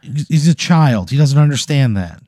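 A man improvising a deadpan, escalating comedic story, acting out quotes from the people in it. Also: medium pitch, moderate pace, no room sound, clean studio sound. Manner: deadpan, escalating absurd narration with acted-out quotes. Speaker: podcast host.

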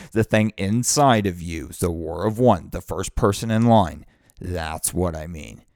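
A man with a low voice delivers a blunt, profane, fired-up pep talk to the camera. The sound is dry and close, with no room echo. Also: a little slow, darkish tone. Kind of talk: casual motivational monologue.

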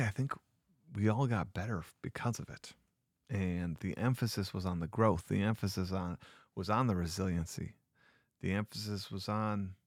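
A man's voice: fairly low pitch, no room sound. A man who teaches sixth grade, reflecting on his class in an earnest, rambling solo podcast talk on a close mic. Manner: earnest, rambling with restarts and asides.

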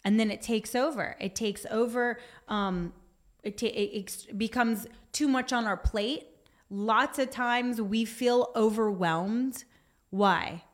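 A woman's voice: on the high side, slow. A woman giving a devotional talk in an earnest, exhorting voice. She reads from her notes and speaks straight to her listeners. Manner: puts on a whiny voice for effect. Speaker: Christian speaker.

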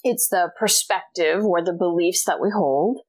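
Middle-aged woman, low-ish voice, animated storyteller, acts out dialogue, casual interview. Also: moderate pace. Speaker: guest author and teacher.

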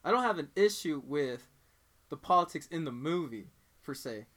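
A man's voice: on the high side, animated, normal speed, fairly bright tone. A young man in casual chat about films, rambling and restarting his sentences a lot. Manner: rambling, lots of fillers and restarts.

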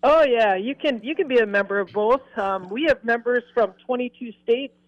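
A woman's voice: fairly high pitch, moderate pace. A woman guest being interviewed on a radio show, talking in a friendly, easygoing way. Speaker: fishing guide and club leader, guest. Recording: dull lo-fi line.

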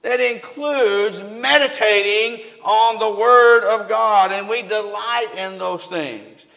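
A preacher with a drawl and a fairly high voice delivers a homespun sermon. He keeps turning to the congregation with questions. His voice carries a long reverb through a church hall. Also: slow pace, gravelly, pushed and bright. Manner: folksy, asks the congregation questions.

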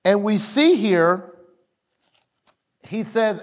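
A man preaches to his congregation in a fairly high voice. He takes his time, leaning hard on key words and breaking into short exclamations of praise. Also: sing-song, slow. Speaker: pastor. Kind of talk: sermon. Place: church service.

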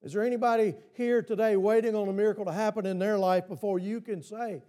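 High-voiced pastor with a mellow tone. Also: male voice, fairly even intonation, quick pace. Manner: asks the congregation repeated questions. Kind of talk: sermon. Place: church.

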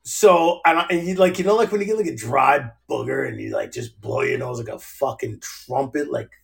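A man's voice: medium pitch, big pitch swings, moderate pace, vocal fry. A man with a New Jersey accent hosting a podcast, telling rambling stories in casual chat, swearing constantly and laughing as he goes. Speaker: podcast host.

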